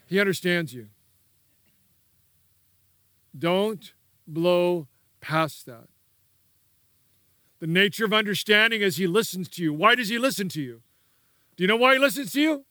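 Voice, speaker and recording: A man's voice: high voice, pushed and bright, no echo, clean studio sound. A man preaching a sermon as pastor, emphatic and repetitive, prompting the congregation to repeat key words.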